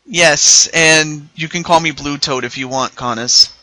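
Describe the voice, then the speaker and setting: A man's voice: fairly high pitch, unhurried, sharp tone, dry recording. A man hosting a casual online chat, rambling with frequent stammered restarts. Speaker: YouTuber host.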